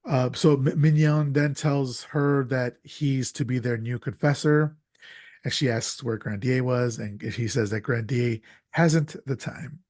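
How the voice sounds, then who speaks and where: A husky man recaps a film's plot on a podcast, casual and jokey, tripping over his words now and then. His voice sits at a middling pitch and is recorded dry and close. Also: fairly even intonation, unhurried, darkish tone, dry recording. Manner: conversational, stumbling restarts, jokey. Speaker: podcast host.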